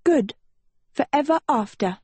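A woman voicing a proud, scheming teenage girl in an audiobook, with a high, sing-song, coaxing delivery. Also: lively intonation, a little slow, a little mellow, dry recording. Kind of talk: audiobook character voice.

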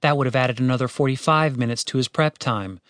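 A man narrating a fantasy audiobook in a steady, wry storytelling way, with casual swearing. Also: mid-range voice, brisk, no echo.

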